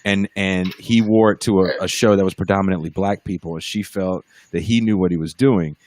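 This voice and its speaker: A man's voice: low-pitched, fairly even intonation, fairly quick, darkish tone. A man on a podcast, casually telling a story, swearing freely and acting out other people's voices when he quotes them. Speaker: podcast guest, band musician. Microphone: podcast mic over a livestream.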